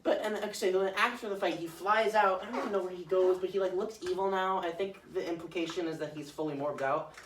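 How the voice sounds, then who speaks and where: A man's voice: high-pitched, steady tone, fast talker, fairly bright tone, recorded from a distance. A young man rambling through a casual movie recap on a podcast, full of "like"s and silly acted-out quotes. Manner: rambling with many "like"s, acting out quotes in silly voices. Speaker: podcast co-host. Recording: roomy, off-mic, faint hiss.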